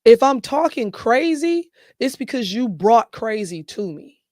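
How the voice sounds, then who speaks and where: Woman podcast host, blunt and animated, dry close mic. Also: a little high, a little slow, no echo. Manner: blunt, animated, speaks with conviction. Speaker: show host. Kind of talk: casual podcast chat.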